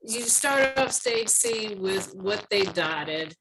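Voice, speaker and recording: A woman's voice: medium pitch, lively intonation, slow pace, creaky, rough recording. A woman trainee on a video call, asking a question hesitantly and with careful phrasing.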